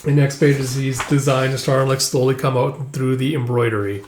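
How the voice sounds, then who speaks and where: A man's voice: medium pitch, little pitch movement, normal speed, a little mellow, slight background noise. A man casually retelling a comic book, narrating loosely with lots of filler. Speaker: manga reader. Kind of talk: casual read-through narration. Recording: echoey room.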